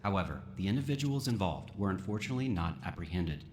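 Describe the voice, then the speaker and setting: A man's voice: low-pitched, very animated, fast talker, a little mellow, faint music behind. A man narrating a scripted true-crime story in a dramatic storytelling manner.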